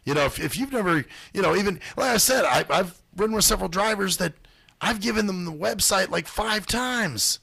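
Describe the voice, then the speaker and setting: A man's voice: high-pitched, expressive, brisk, gravelly, sharp tone, breathy edge, no room sound. A man hosting a radio show, telling profane stories in casual chat and mimicking the people in them. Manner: profane storytelling, mimics other people's voices.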